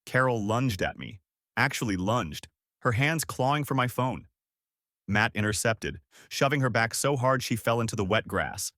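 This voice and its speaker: Male storyteller, dramatic first-person narration, animated pitch, dry close sound. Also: normal speed, no room sound.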